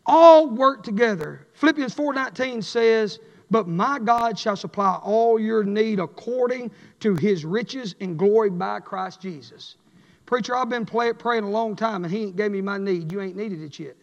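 A man preaching a fiery sermon, chanting and swinging between shouted lines and a low drawl. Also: normal speed, muffled recording. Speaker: pastor. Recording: echoey church hall.

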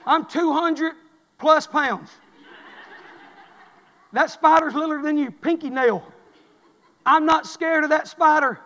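A man preaches an impassioned sermon, circling back to his phrases again and again. His voice sits unusually high for a man. It carries through a church sanctuary with a long echo. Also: takes it slowly, pauses often, pushed and bright. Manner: impassioned, repetitive preaching cadence. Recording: long hall reverb.

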